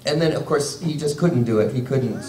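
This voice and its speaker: A man, a voice actor speaking on a convention panel, telling stories in an animated, rambling way. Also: mid-range voice, normal speed, far from the mic. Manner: animated, rambling storyteller who laughs often. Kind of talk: casual convention panel talk. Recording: echoey hall, faint ambient noise.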